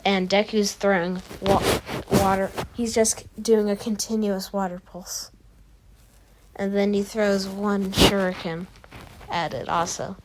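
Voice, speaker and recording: A woman's voice: mid-range voice, little pitch movement, takes it slowly, very noisy. A woman casually telling a fan story as a video narrator, rambling with fillers and restarts.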